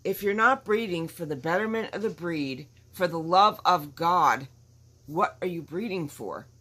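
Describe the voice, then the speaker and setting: A woman's voice: on the low side, lively intonation, measured pace, sharp tone. A woman vlogging at home in casual chat, talking in an emphatic, rambling and outspoken way. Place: at home with dogs nearby.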